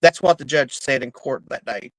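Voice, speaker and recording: A middle-aged woman telling stories in casual chat, animated and laughing, with plenty of cursing. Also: very deep voice, moderate pace, no room sound, poor audio. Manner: animated, laughing, profane storyteller.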